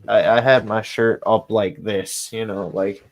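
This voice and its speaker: A man with a fairly low, steady voice co-hosts a casual podcast, rambling through festival stories packed with fillers and swearing. He takes his time, and his podcast mic picks up a little background noise.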